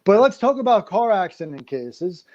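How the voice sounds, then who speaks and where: A man's voice: sits high, very animated, normal speed, darkish tone, highs cut off. A middle-aged male attorney giving plain, practical advice on a live show. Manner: plain-spoken, advising.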